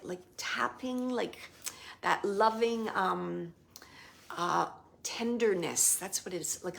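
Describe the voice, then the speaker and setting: A woman working as a medium, giving a live spirit reading in a soft, halting voice that often drops to a whisper as she searches for words. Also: medium pitch, gravelly. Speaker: psychic medium.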